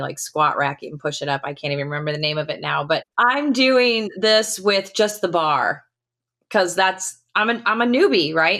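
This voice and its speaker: A middle-aged woman from the United States with a fairly low voice tells a personal story as a podcast guest. She speaks candidly and emphatically, with casual fillers. She leans into key phrases. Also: fairly bright tone. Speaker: podcast guest, retired Air Force colonel.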